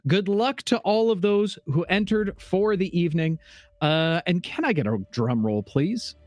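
A man's voice: sits high, expressive, measured pace, no room sound. A man acting as game master and host, wrapping up a streamed tabletop game with upbeat, playful showmanship.

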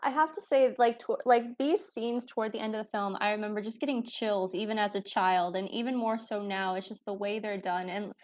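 A woman's voice: mid-range voice, fairly even intonation, fairly quick, hardly any pauses, a little mellow. Enthusiastic woman chiming in. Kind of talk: casual film discussion.

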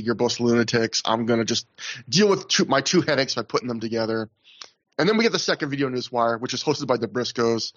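A man's voice: on the high side, fairly bright tone, highs cut off. A man hosting a casual podcast, rambling through a recap, often laughing and restarting his sentences. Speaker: podcast host.

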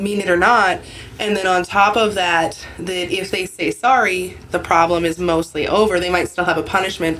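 A woman's voice: fairly low pitch, fairly bright tone, slight background noise. A woman from Canada hosting a casual podcast, rambling with lots of fillers and restarts, swearing now and then. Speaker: podcast host.

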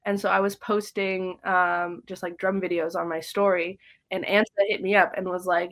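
This young woman drums and teaches drumming, and as a podcast guest she spins stories casually, chatty and heavy on "likes" and fillers. Her voice is fairly low, level and fairly bright, at a moderate pace.

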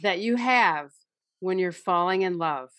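A woman's voice: on the low side, lively intonation, a little slow, a bit bright, dry recording. A woman interviewing a guest, enthusiastic and encouraging in a casual conversation.

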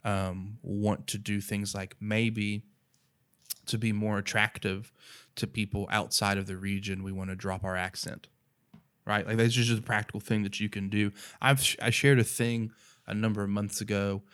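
A man's voice: fairly low pitch, flat delivery, moderate pace, a bit bright, smooth. A man from North Carolina with an Appalachian accent, talking about faith in an earnest, rambling, casual way. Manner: earnest, rambling, many "you know" and "right".

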